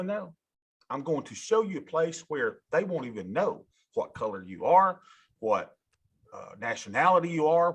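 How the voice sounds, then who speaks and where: A man lecturing a college class, animated and folksy, talking straight to his students in a classroom. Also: medium pitch, slightly rough. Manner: animated, talks to students directly, folksy asides. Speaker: college instructor.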